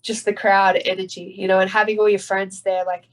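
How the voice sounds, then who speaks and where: A woman's voice: medium pitch, level tone, a little fast, poor audio. An Australian woman in her thirties chatting casually in an interview, swearing freely and laughing easily. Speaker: guest fighter.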